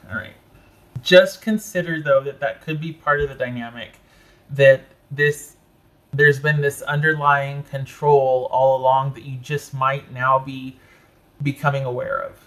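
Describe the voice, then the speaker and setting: A man giving a casual tarot reading, talking in a chatty way with animated asides and frequent self-interruptions. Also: mid-range voice, unhurried. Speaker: tarot reader.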